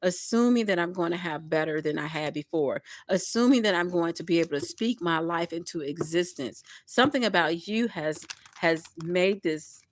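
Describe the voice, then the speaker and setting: A tarot reader gives a collective reading that works as a spiritual pep talk, speaking directly to her viewers in a repetitive, encouraging way. Her voice is lowish and a bit bright, with no room sound.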